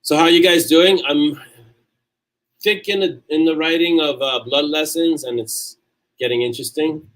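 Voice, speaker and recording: A man's voice: on the high side, moderate pace, a bit bright, rough recording. Chatty New York man hosting a stream. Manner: chatty and loose, frequent restarts. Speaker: author hosting a livestream. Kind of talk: casual livestream chat reading viewer comments.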